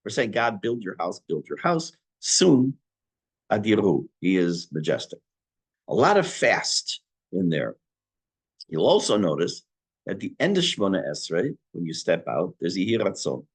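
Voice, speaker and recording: A man teaching an online class on prayer, reading Hebrew phrases and explaining them in English with a lively teacher's delivery. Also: sits low, normal speed, husky. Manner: lively teacher's delivery, rising on key words.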